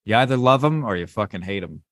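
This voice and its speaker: A man's voice: on the low side, animated, quick pace, fairly bright tone, no room sound, clean studio sound. A man hosting a podcast, chatting in a rambling, swearing way with frequent laughs. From lives in New Jersey. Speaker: podcast host. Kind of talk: casual chat.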